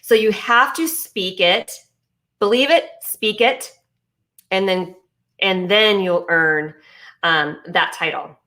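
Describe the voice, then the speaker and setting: A woman's voice: mid-range voice, slow pace, pushed and bright. Emphatic woman giving a business pep talk. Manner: emphatic, repetitive, coaching tone with fillers and restarts. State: talking with ice in her mouth briefly. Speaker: business coach. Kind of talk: motivational talk to camera.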